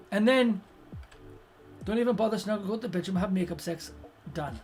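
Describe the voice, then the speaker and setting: A blunt, foul-mouthed streamer talks through relationship advice in a loose live-stream chat. The voice sits at a middling pitch and swings between low, quiet reassurance and loud, animated outbursts that act out each quoted voice, with faint music underneath. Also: brisk, pauses often. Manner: blunt, swears constantly.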